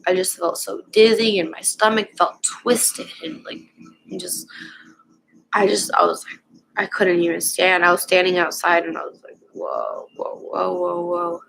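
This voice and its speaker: A young woman vlogger casually telling a personal story at home, rambling and halting with lots of fillers. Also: on the low side, steady tone, gravelly, a bit bright, slight background noise, rough recording.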